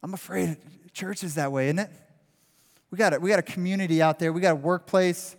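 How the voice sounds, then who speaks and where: A man preaches from the pulpit, animated and acting out what a crowd would shout at the players. His voice sits somewhat high for a man. The sound carries a long reverb from the large church sanctuary. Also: fairly quick. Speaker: pastor. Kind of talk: sermon.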